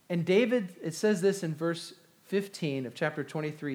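A pastor preaching a sermon, reading scripture and retelling it in a conversational, animated way. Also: male voice, sits high, normal speed, hardly any pauses.

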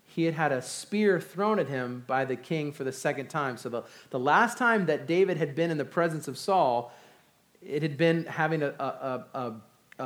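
Male pastor, conversational sermon, reads scripture and storytells, slightly high voice. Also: a bit bright.

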